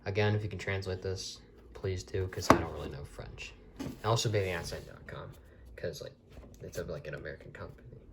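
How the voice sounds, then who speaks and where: A man's voice: low-pitched, a little fast, very noisy. A man reviewing a collectible video tape from the desk in his bedroom, talking casually and rambling with many restarts.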